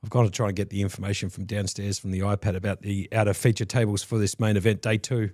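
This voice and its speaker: Man, lowish voice, dry close sound, poker commentary. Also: level tone, quick pace, a little mellow, dry recording. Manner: jokey, chatty play-by-play. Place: commentary booth.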